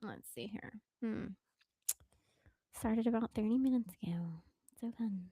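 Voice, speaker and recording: A young Southern American woman chatting on a live stream with a fairly high voice. She giggles a lot and slips into whispered asides between her chatter. The sound is dry and close, with no room around her. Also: unhurried, mellow, breathy edge, dry recording. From Southern United States. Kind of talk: casual live stream chat.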